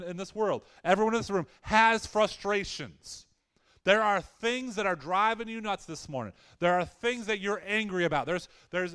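A man's voice: high-pitched, fairly bright tone, clean tone. A middle-aged man preaching a conversational sermon, often repeating words and asking the congregation questions. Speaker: pastor.

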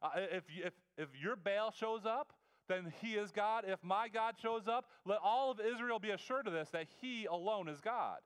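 A man's voice: high-pitched, clear, resonant tone, pitched above the performer's own voice, natural voice. A preacher voicing a bold male prophet, emphatic. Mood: bold challenging. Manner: emphatic, drawn-out declarations. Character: bold confident male prophet challenging a king. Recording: long reverb of a large hall.

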